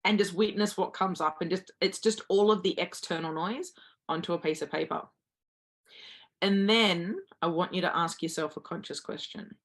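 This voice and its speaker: Woman, low-pitched voice, confidence coach, earnest motivational talk to listeners. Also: normal speed.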